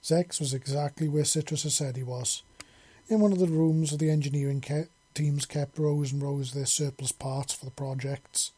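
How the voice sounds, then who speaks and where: Husky male storybook narrator. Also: on the high side, normal speed. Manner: steady, storytelling.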